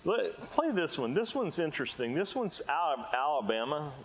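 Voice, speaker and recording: A man's voice: fairly high pitch, sing-song, moderate pace, low-quality recording. A man presenting at a conference, telling rambling, self-deprecating stories in a casual way. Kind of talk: casual storytelling talk. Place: conference hall.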